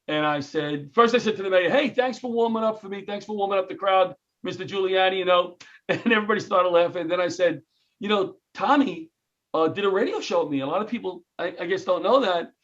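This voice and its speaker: A man's voice: high voice, brisk, highs cut off. A middle-aged man from New York, a comedian and retired firefighter, telling stories in an interview and acting out the lines of the people in them. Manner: animated, jokey storyteller who acts out quotes. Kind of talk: storytelling interview.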